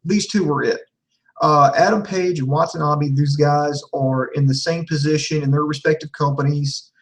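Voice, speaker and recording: A man with a fairly high voice talks through a show review in a loose, rambling way, leaning on fillers and throwing in the odd curse. He sounds a bit far from the microphone. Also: fairly even intonation, normal speed. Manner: rambling, filler-heavy, profane, enthusiastic. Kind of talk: casual spoken review.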